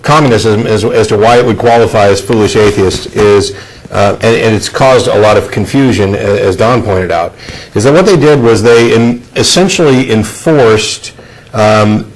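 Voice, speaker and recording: Low-voiced man hosting a talk show. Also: poor audio. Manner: measured, thoughtful, frequent fillers. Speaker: show host. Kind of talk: studio discussion.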